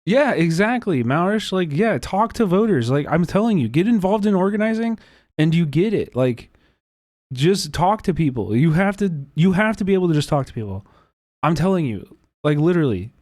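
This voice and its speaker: A man hosting a livestream, talking casually in an animated, profane, rambling way with many restarts. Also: fairly high pitch, moderate pace, dry recording, clean studio sound. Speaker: livestream host. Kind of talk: casual reaction chat.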